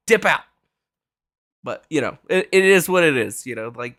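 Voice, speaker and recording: A male streamer talks from his home desk in a loose, rambling flow, full of swearing and sudden animated asides. His voice sits high for a man and sounds bright and sharp. It comes across as casual livestream chatter that drifts into political commentary.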